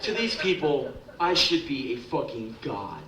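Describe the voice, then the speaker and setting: A man's voice: mid-range voice, big pitch swings, a little slow, a crowd in the background. A man performing profane, sardonic spoken-word stories live in a music club, acting out the people in them. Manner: profane, sardonic, acts out quoted voices. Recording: roomy live club recording from a distance.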